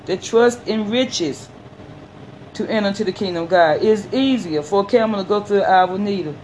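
A man preaching a sermon, reading scripture haltingly and then explaining it in plain, folksy words. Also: sits high, darkish tone, a little hiss or hum, low-quality recording.

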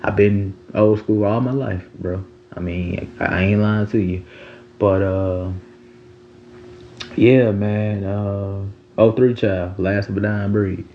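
Gravelly young man rambling casually. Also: lowish voice, fairly even intonation, slow pace, muffled recording, a little hiss or hum. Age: 20s. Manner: rambling, slangy, frequent "you know what I'm saying". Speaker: podcast host. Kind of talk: casual monologue.

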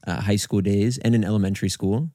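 A man's voice: fairly low pitch, fairly even intonation, quick pace, mellow, no room sound, clean studio sound. A man in his late twenties co-hosting a podcast in casual chat, goofy and playful, his voice worn out from screaming at karaoke. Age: 20s. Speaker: podcast co-host.

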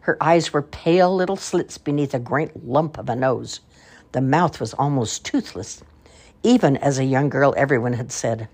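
An older woman with a husky voice reading a children's story aloud with expression. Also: very deep voice, normal speed, a little mellow.

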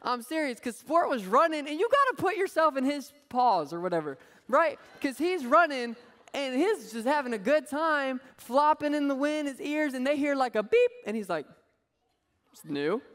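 A man giving a humorous, animated sermon, telling a story and acting out voices. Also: extremely high pitch, moderate pace, long reverb tail. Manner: animated, jokey, acts out voices.

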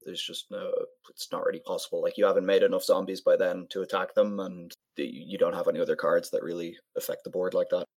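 A man in a casual card-game chat, speaking in a relaxed, matter-of-fact way. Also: deep voice, fast, few pauses.

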